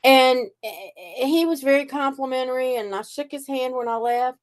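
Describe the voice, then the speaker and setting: Older woman telling lively stories. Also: high voice, moderate pace. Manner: animated storyteller, acts out quoted voices. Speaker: psychic reader, host. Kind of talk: casual chat.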